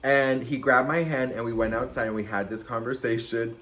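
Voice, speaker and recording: A man vlogging a storytime, dramatic and animated, with big jumps in pitch and loudness and a sassy, campy manner. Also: normal speed, slight background noise. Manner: campy, sassy, says "girl" and "okay" a lot. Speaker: celebrity gossip vlogger. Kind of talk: casual storytime chat.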